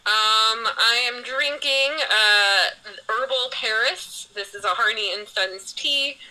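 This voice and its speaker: A woman on a casual podcast with friends. Her voice is somewhat high and very bright, and she talks in a playful, teasing way. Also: slow pace, poor audio. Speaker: podcast co-host. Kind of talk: casual chat.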